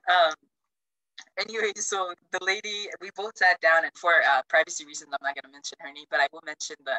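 On a low-quality video call with no room sound, a woman from Chuuk in Micronesia tells a travel story casually. She's animated, acting out quotes with big jumps in pitch and filling her speech with lots of "like".

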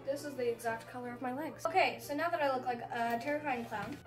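A woman's voice: sits high, quick pace, over music. A woman chatting playfully through a casual makeup vlog, often poking fun at herself. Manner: chatty, playful, self-mocking. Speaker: beauty vlogger.

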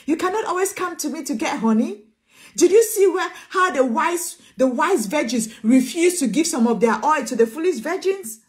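Woman preacher, high and insistent; emphatic sermon delivery with repeated lines. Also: expressive, normal speed. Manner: emphatic, repeats phrases, calls listeners sweetheart.

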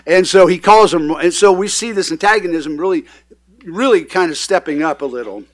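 A man preaching a sermon with a voice that sits a little high. He reads scripture aloud and explains it in a loose, conversational way, full of fillers and restarts, and leans firmly into his key points. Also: fairly quick. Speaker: pastor. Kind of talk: sermon, Bible reading with commentary. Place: church sanctuary.

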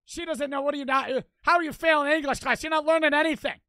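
A young man streaming a reaction, ranting loudly and profanely while mocking what he watches. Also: very high-pitched, steady tone, fast, no echo. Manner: loud, profane, mocking rants. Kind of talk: crude live-stream reaction commentary.

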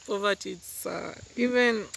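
A man's voice: sits high, moderate pace, gravelly, fairly bright tone. A young man from Kenya, speaking earnestly and gratefully as the interviewee in a casual outdoor chat. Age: young adult. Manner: earnest, grateful, repeats key phrases. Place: outdoors in a rural village. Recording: noisy outdoor recording.

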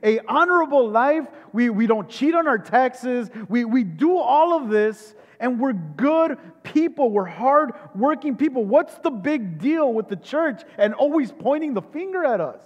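A man's voice: very high-pitched, lively intonation, unhurried, hardly any pauses, muffled recording, pitched above the performer's own voice, heavily acted. A man preaching voices an indignant worldly person who defends himself against the church's judgment. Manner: defensive, self-justifying, raised voice. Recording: long hall reverb.

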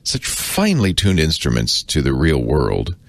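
A middle-aged man with a very deep, gravelly voice that swings widely in pitch. He explains things in a chatty, self-correcting way, with laughing asides. The sound is close and dry. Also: wildly swooping pitch, unhurried, dry recording. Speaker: podcast co-host. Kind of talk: casual explaining chat.

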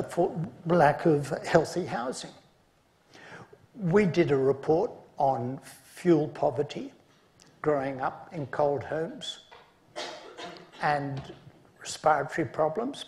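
Guy giving a conference lecture, bit higher voice, gravelly, measured with dry little jokes. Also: a little mellow. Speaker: conference speaker.

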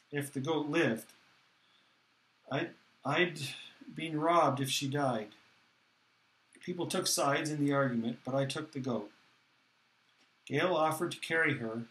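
A man reading a novel aloud in the first person, steady and plain, with small restarts. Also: fairly high pitch. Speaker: audiobook reader. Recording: echoey room.

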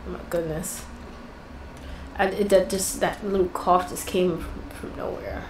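A woman's voice: lowish voice, steady tone, measured pace, echoey room, noisy background. A woman hosting a gaming channel, chatting casually and exclaiming in frustration as she plays. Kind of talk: casual gameplay commentary.

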